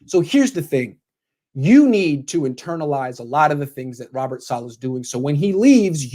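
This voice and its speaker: A man doing sports opinion commentary, bluntly lecturing a coach directly in the second person. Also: fairly high pitch.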